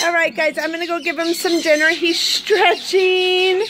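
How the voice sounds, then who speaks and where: A woman with a very high voice coos at her pet birds in sing-song baby talk, at an unhurried pace. Loud parrot squawks fill the home around her. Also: heavy background noise. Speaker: vlogger. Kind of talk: casual vlog talking to pet birds. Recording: loud bird squawks behind.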